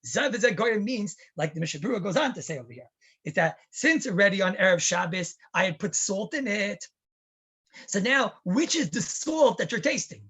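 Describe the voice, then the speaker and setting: A man's voice: high voice, sing-song, moderate pace, bright, forceful tone, husky. A man, a rabbi, teaching a halacha class in a chatty lecture style, telling stories and asking rhetorical questions.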